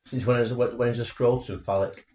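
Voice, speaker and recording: A man's voice: mid-range voice, steady tone, a little fast, mellow. A man co-hosting a casual podcast, chatty and teasing his co-host. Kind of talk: casual banter. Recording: echoey room.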